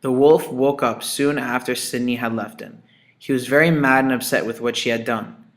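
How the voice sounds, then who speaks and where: A man reading a fairy tale aloud as narrator, plain and even. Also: mid-range voice, normal speed. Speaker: student reader.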